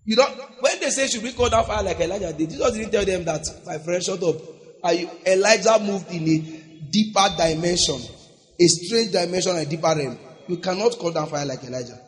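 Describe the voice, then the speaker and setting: Nigerian pastor preaching loud n animated, high voice, big echoey church sound. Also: male voice. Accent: Nigerian English. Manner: animated, acts out scenes, laughs, shouts at climaxes. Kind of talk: lively sermon with congregation banter.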